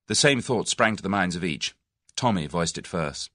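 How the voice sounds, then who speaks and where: A man narrating an audiobook novel in an expressive, measured storytelling manner. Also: sits low, no echo, clean studio sound.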